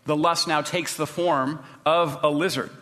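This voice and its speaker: Fairly high-voiced male pastor preaching. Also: steady tone, unhurried, sharp tone, in a large hall. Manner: conversational, with restarts. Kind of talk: sermon.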